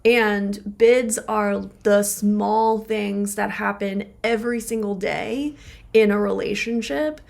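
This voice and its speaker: A woman's voice: medium pitch, fairly even intonation, slow, gravelly, a little mellow. A woman co-hosting a relationship podcast as a therapist, explaining ideas through everyday examples with lots of filler words. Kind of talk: casual podcast conversation.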